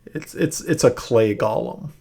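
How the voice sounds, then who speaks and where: A man narrating as game master of a tabletop game, halting with many fillers and restarts. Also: medium pitch, a little mellow, slightly rough.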